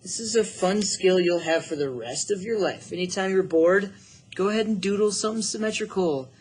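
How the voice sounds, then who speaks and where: A man's voice: high voice, a little fast, a little mellow, breathy edge. A middle-aged man teaching a drawing lesson, upbeat and encouraging, thinking aloud as he works. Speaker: art teacher.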